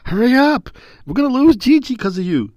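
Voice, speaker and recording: A grandfather voicing his impatient three-year-old grandson in a high, whining childish voice. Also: very animated, a little fast, darkish tone, dry recording, lo-fi sound. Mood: whiny.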